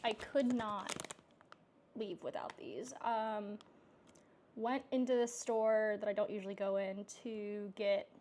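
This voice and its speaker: A woman's voice: mid-range voice, steady tone, slow, a little mellow, a little hiss or hum. A young woman vlogging in a chatty, rambling way, full of filler words. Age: young adult. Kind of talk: casual vlog chat.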